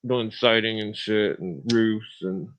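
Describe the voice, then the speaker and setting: A man's voice: on the low side, takes it slowly, fairly bright tone, rough recording. A man hosting a podcast, talking in a rambling, profane monologue and laughing at his own stories. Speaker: podcast host.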